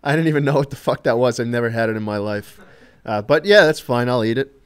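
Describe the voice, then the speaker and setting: A streamer and co-host with a smooth, medium-pitched voice talks fast during a live stream. He rambles through loose, amused anecdotes, full of fillers and casual swearing.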